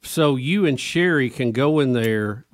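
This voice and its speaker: A man with a mid-pitched voice joins a casual chat. He teases the others with dry, joking asides in an easy way. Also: expressive, a little slow.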